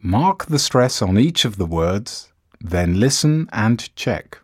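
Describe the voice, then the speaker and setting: A man reading an English pronunciation lesson aloud, saying each word slowly and clearly. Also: lowish voice, very animated, no room sound, clean studio sound. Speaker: language course audio narrator. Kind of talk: slow, deliberate scripted pronunciation reading.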